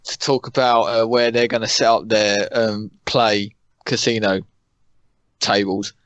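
A young man co-hosting a podcast, chatting casually in a flat, monotone way. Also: lowish voice, unhurried, no room sound, highs cut off. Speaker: podcast co-host. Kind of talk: casual chat.

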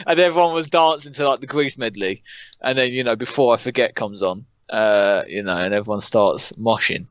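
A young man co-hosting a podcast, chatting casually in a flat, monotone way. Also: fairly low pitch, a little fast, no room sound, dull audio. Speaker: podcast co-host. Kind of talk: casual chat.

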